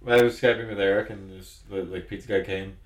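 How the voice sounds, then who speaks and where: A man in casual chat, speaking in halting, hesitant phrases. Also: low voice, fairly even intonation. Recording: echoey room.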